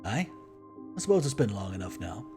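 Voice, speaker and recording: A man's voice: lowish voice, very animated, fairly quick, vocal fry, music in the background, pitched below the performer's own voice. An idle, easygoing sailor, acted by a man, with a lazy drawl. He sounds in no hurry at all. The man puts him on during a game. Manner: lazy, drawling, says aye.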